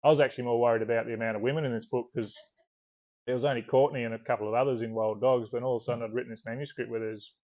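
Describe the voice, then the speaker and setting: Aussie bloke yarning away on a muffled video call, laid-back, bit rambly, drops the odd swear. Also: male voice, mid-range voice, rapid-fire. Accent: Australian. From Australia. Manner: relaxed, rambling storyteller, swears casually. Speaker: author guest. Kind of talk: casual interview chat.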